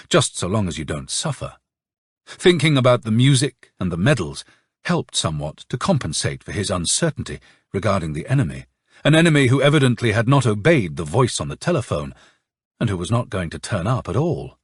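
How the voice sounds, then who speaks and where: A man narrating an audiobook in an expressive, dramatic reading style. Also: lowish voice, slightly rough, no room sound, studio quality. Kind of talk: scripted narration.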